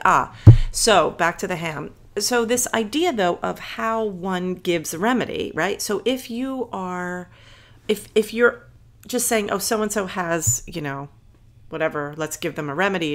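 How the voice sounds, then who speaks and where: A woman's voice: mid-range voice, measured pace. A woman co-hosting a podcast, explaining points at length, reading quotations aloud and stopping to correct herself. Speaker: podcast co-host. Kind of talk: casual podcast discussion. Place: Philadelphia area.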